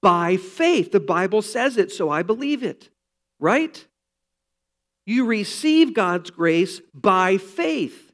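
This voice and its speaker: Slow, earnest older male preacher. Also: high-pitched, big pitch swings. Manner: earnest preaching, rising to emphatic loudness. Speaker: pastor. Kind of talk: sermon.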